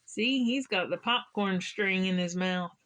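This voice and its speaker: A woman's voice: mid-range voice, measured pace, a bit bright, slight background noise. A woman reading a children's picture book aloud, playful and asking the listener questions. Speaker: children's story reader.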